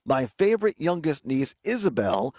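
A man's voice: fairly high pitch, big pitch swings, moderate pace, a little mellow, dry recording. Chatty Midwestern man hosting live radio. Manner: chatty, rambling with frequent fillers. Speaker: radio show host. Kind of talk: casual live radio chat. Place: outdoors by a lake.

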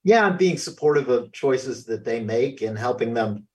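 A man co-hosting a call-in radio show who rambles and halts over fillers. His voice sits in a middle pitch. He is heard a bit away from the microphone. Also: expressive, distant mic. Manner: rambling, halting, many fillers. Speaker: radio co-host, parent.

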